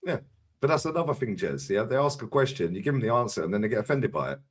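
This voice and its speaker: A man's voice: medium pitch, lively intonation, fast, breathy edge. A man co-hosting a live stream, giving opinionated, sweary banter. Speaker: stream co-host. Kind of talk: casual live-stream chat.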